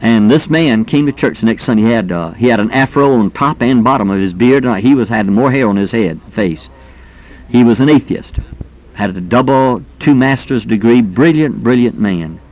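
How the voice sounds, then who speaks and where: A man's voice: mid-range voice, lively intonation, normal speed, dull audio. A man preaching an earnest, folksy sermon, emphatic and full of anecdotes. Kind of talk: sermon on soul winning.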